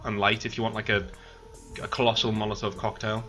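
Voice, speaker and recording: A man acts as game master for a tabletop game over a voice call, his voice bright and clear. He rambles with plenty of ums and likes, and faint music plays behind him. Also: fairly low pitch, little pitch movement, fairly quick, low-quality recording. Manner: rambling, laughing, full of filler words. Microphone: online voice call.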